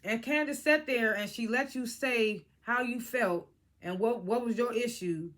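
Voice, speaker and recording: Speaking unhurriedly at a medium pitch, this vlogger delivers a blunt, casual spoken review of a reality TV episode. They're animated, curse without restraint, and perform the cast's lines in quotes.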